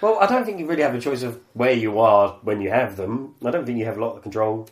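A man co-hosting a casual podcast chat, talking in a relaxed, halting way with many fillers. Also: mid-range voice, echoey room. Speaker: podcast co-host.

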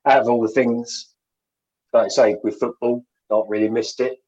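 A man in casual chat, talking in a low-key, hesitant way with many fillers. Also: level tone, moderate pace, warm tone, muffled recording. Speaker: podcast co-host.

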